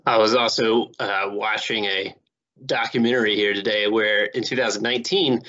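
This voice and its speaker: A man's voice: lowish voice, normal speed, muffled recording. Rambling man giving a casual lecture. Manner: relaxed, rambling, many fillers. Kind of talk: recorded online lecture. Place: home recording near Houston.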